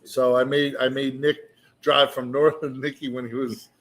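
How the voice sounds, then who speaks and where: A man in the middle of his pitch range, telling a profane story at an easy conversational clip. He talks loosely and animatedly, acting out the other people in his tale. He is recorded at a bar during a live chat. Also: little pitch movement, unhurried. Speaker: guest. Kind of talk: casual storytelling. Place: meadery bar.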